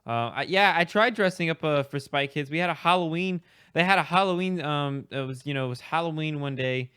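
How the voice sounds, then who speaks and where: A man's voice: on the high side, a little fast, a bit bright, clean tone, no echo, studio quality. A young man streaming, improvising a comic story in a rambling, hesitant way with many restarts.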